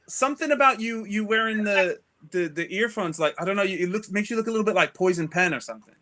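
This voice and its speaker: A man's voice: high-pitched, fast talker, bright, forceful tone. A man co-hosting a casual live stream, chiming in agreeably.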